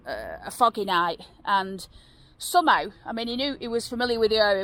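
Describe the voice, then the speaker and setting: By a road outside, a woman from the North of England spins local ghost stories casually, meandering with lots of fillers and false starts. Her voice is medium-pitched and somewhat bright.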